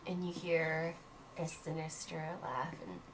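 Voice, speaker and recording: A woman running a family tabletop game as game master, telling the story in an animated and encouraging way. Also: mid-range voice, moderate pace, background noise.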